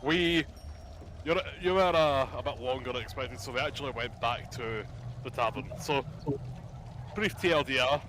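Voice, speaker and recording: A man's voice: mid-range voice, moderate pace, pauses often, fairly bright tone, a little hiss or hum. A man, narrating and running a live tabletop game as dungeon master, chatty, with restarts and asides.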